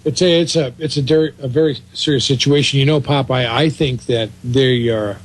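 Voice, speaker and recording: A man's voice: mid-range voice, moderate pace. A man co-hosting a talk radio show, speaking in a chatty, rambling way with lots of fillers. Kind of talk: casual talk radio chat.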